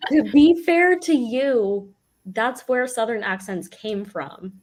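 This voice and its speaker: A woman's voice: a little high, lively intonation, slow, background noise. A woman chatting casually on a video call, dry and matter-of-fact, with a teasing edge. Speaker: guest reader on a video call. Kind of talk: casual chat.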